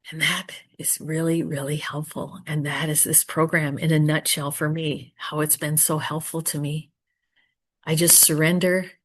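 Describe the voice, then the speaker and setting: A woman speaking at a recovery meeting, earnest and prayerful, often trailing off softly and pausing to search for words. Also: sits low, level tone. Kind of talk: personal share and Q&A answer.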